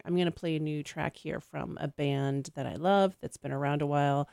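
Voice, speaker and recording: Low gravelly woman radio DJ. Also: moderate pace, no room sound. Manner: chatty, relaxed, with fillers and self-corrections. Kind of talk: casual radio show hosting.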